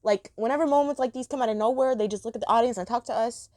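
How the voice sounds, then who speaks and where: A woman's voice: fairly high pitch, racing, darkish tone, no room sound, clean studio sound. A woman reviewing a cartoon episode in a chatty, rambling monologue, gushing about the characters.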